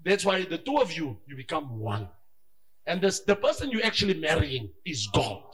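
A man preaching with a bright, high and wildly lively voice. He swings from loud bursts to quiet asides and acts out little conversations as he delivers his sermon. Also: normal speed. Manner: animated, shifts between shouting and hushed asides; acts out dialogue in his stories. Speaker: pastor.

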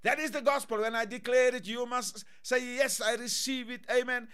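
Fervent high-voiced male preacher. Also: steady tone, moderate pace, sharp tone, clean tone. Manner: fervent, repetitive declarations. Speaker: pastor. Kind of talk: sermon.

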